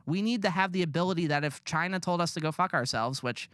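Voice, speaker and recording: A man's voice: fairly high pitch, fast talker, fairly bright tone, clear, resonant tone, no echo, clean studio sound. A man ranting bluntly and profanely in casual podcast chat. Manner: blunt, profane, rambling rants. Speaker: podcast co-host.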